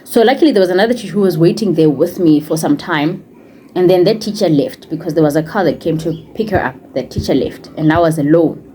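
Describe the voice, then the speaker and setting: A woman's voice: lowish voice, quick pace, slight background noise. A young woman with a Setswana-accented English, telling a personal story in a casual vlog and acting out what others said, slipping into Setswana phrases. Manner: animated retelling, acting out what others said, code-switching into Setswana. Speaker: vlogger and former teacher.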